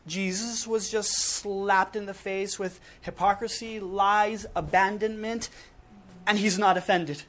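A man preaching a sermon in a casual, emphatic way, with dramatic pauses between short punchy phrases. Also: high-pitched, fairly even intonation, a bit bright.

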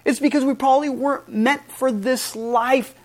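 A woman's voice: sits high, steady tone, moderate pace, darkish tone. A woman pastor preaching a sermon in an earnest, emphatic way, stressing and spelling out key words.

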